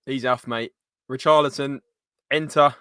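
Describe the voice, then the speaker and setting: A man's voice: medium pitch, steady tone, a little slow, bright, forceful tone, clear, resonant tone, no room sound, clean studio sound. A man co-hosting a live match watchalong, chatty and arguing his points while reading out the chat. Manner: chatty, reasoning, reads out the chat. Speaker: watchalong co-host.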